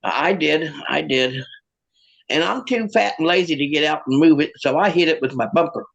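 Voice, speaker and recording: This is a man doing stand-up comedy and a little magic, filmed on his own camera. His voice is somewhat high, with a gravelly rasp. He tells self-mocking stories, stammering and restarting as he goes. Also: normal speed, muffled recording.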